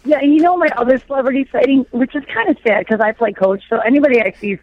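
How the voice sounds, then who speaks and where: A woman's voice: sits high, quick pace, dull audio. A middle-aged woman, a comedian, telling rambling self-deprecating stories about her kids as a regular correspondent. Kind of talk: comic storytelling on a call-in segment.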